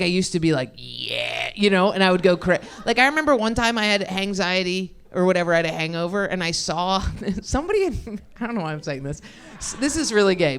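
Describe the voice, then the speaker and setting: Young female stand-up, loose self-deprecating rambler, crude, mid-pitched voice, handheld mic. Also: fairly bright tone, clear, resonant tone. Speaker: stand-up comedian. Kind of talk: improvised stand-up set. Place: comedy club stage with live audience.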